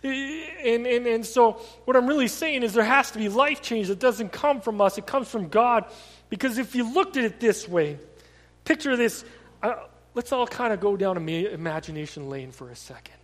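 A man preaching a sermon in a conversational way, telling stories with lively energy and often restarting his sentences. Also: very high voice, moderate pace, big-room sound. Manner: conversational, animated storytelling with repeated restarts.

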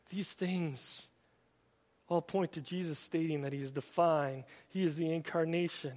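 A man preaching a sermon, retelling stories in an animated, storytelling way with many repeated "and"s. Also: fairly high pitch, a little slow. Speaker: pastor. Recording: long hall reverb.

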